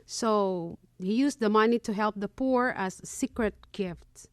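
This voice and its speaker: A woman's voice: medium pitch, slow pace, no room sound, studio quality. A woman from the Philippines co-hosting a community radio show, reading a prepared segment and listing items one by one. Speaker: radio co-host.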